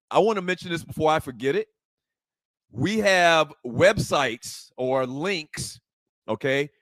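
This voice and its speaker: A man co-hosting a casual talk show, lively and emphatic in quick banter. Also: a little high, dry recording. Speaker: co-host.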